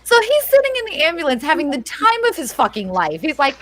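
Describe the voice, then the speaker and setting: Mother telling a wild story on a video call, swearing freely, high and very animated. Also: brisk, few pauses, slight background noise. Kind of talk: casual chat on a live stream.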